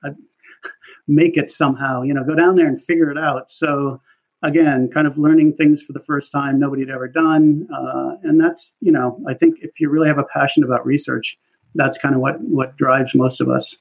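A man working in market research, telling career stories in a relaxed interview, chatty and full of fillers. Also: fairly high pitch, moderate pace, creaky. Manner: chatty, animated storytelling with laughs and many fillers. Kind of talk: casual interview conversation. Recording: dull lo-fi audio.

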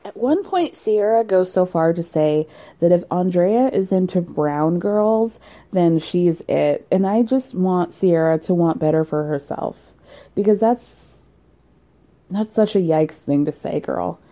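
A woman host chatting casually and wryly, with big leaps in pitch when she makes a point. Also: a little slow. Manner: chatty, wry, animated with big pitch jumps. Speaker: podcast host recapping reality TV. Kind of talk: casual chat.

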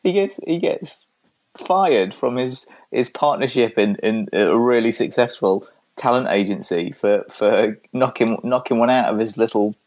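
A man's voice: on the low side, normal speed, few pauses, darkish tone, dull audio. A man co-hosting a podcast, chatting casually in a rambling way with chuckles. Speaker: podcast co-host. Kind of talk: casual chat.

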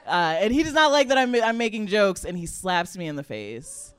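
A young adult woman comedian telling a personal story in a chatty, animated way, laughing often and using a lot of "like" fillers. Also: mid-range voice, moderate pace, hardly any pauses, clear, resonant tone.

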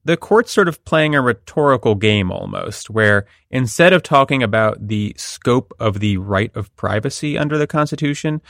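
A man's voice: medium pitch, animated, normal speed, gravelly, hardly any pauses, a bit bright, dry recording, studio quality. A man hosting a podcast, explaining a court ruling in a wry, conversational way. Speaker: podcast host. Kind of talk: legal analysis chat.

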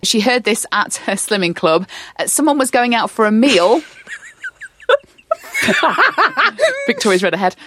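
A woman's voice: on the high side, sing-song, measured pace, pauses often, noisy background. A woman co-hosting a casual podcast chat, teasing her co-host with dry humour.

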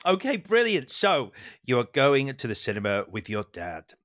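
A man hosting an interview, asking questions with enthusiasm and quick reactions. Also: mid-range voice, huge pitch swings, a little hiss or hum. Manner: warm, enthusiastic, reacts with short exclamations. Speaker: podcast host. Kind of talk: casual interview chat.

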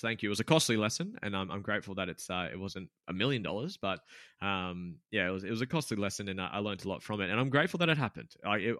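A young man tells a story as a podcast guest, in a bright, forceful voice sitting fairly low. He is frank and rambling, swears freely and leans on fillers. The sound is dry and close, with no room. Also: no room sound. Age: 20s. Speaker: podcast guest, gym business owner.

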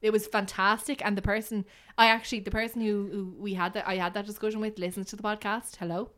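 A woman's voice: medium pitch, little pitch movement, quick pace, a bit bright, slight background noise. A woman hosting a casual podcast chat, reading out questions with frequent giggles and rambling restarts. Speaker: podcast host.

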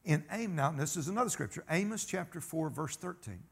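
Gravelly preacher, folksy. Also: male voice, a little high, animated, a little fast. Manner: folksy and emphatic, calls for amens, tells stories. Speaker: pastor. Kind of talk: sermon.

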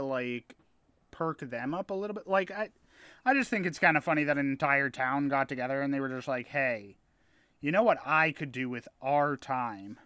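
A man's voice: fairly high pitch, pushed and bright, smooth, no echo. A man telling a rambling story in casual chat with friends, swearing now and then. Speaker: podcast co-host telling a story.

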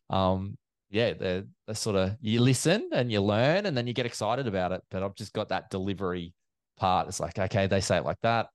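A man's voice: low voice, no echo, studio quality. A man, an event MC telling stories in a casual interview and acting out quoted exchanges. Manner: chatty and animated, acts out quoted exchanges. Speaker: event MC and commentator.

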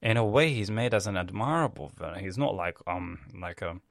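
A man's voice: low-pitched, expressive, a little fast, creaky, no room sound, studio quality. A young man ranting about a cartoon in a rambling, swearing way with laughing asides. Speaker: video host. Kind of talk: casual profane rant.

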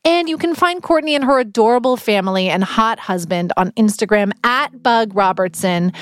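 Podcast host, woman, high and bouncy voice, playful and gushing, faint music underneath. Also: animated, normal speed, few pauses. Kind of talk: casual chat.

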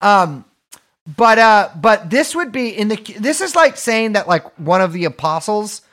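A man's voice: sits high, big pitch swings, measured pace, a bit bright. A man co-hosting a podcast, talking in a profane, sardonic, rambling way with lots of fillers. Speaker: podcast co-host. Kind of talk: casual chat.

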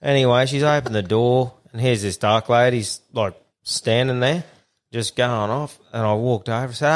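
A man's voice: medium pitch, normal speed. Blunt, swearing Australian man telling stories. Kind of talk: casual storytelling chat.

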